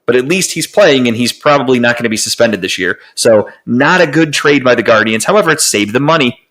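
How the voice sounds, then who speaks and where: A man's voice: medium pitch, lively intonation, fairly quick, a bit bright, rough recording. A man co-hosting a podcast, rambling through casual sports chat with lots of profanity and restarts. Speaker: podcast co-host.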